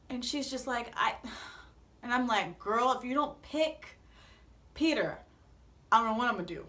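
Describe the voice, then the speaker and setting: A woman's voice: sits high, normal speed, a bit bright. A young woman vlogging a casual, dramatic recap, acting out her own reactions in a playful way. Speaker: vlogger recapping a reality show.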